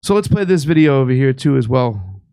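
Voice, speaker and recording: A man's voice: medium pitch, very animated, fairly quick, gravelly, mellow, dry recording, studio quality. A man hosting a casual political talk show, indignant, profane and emphatic. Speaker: show host.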